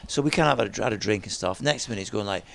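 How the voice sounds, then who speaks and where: Gravelly man telling club stories. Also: lowish voice, rapid-fire. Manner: lively storyteller, mimics voices in anecdotes. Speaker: DJ guest. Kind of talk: animated storytelling chat.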